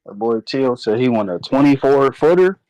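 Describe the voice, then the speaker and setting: Relaxed slangy podcast panelist. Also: male voice, medium pitch, moderate pace, dry recording, highs cut off. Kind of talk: casual chat.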